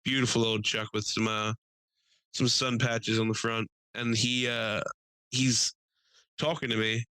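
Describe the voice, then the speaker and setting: Young American male podcast host, bright and crisp, dry mic, loose swearing storyteller. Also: medium pitch, a little slow, dry recording, low-quality recording. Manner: animated, swearing, laughing storyteller doing voices. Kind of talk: casual storytelling chat.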